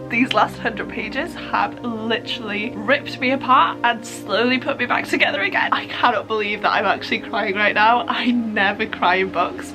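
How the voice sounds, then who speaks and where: A young woman from Wales, a book vlogger, talking casually and gushing emotionally about a book she just finished. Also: a little high. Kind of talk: casual vlog reaction.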